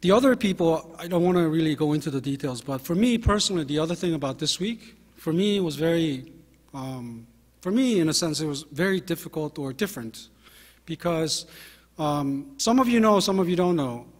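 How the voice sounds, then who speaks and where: A man in his fifties, a pastor telling anecdotes in a relaxed sermon, with fillers and self-deprecating humor. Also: fairly high pitch. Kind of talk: conversational sermon storytelling. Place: church sanctuary. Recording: long hall reverb from a church.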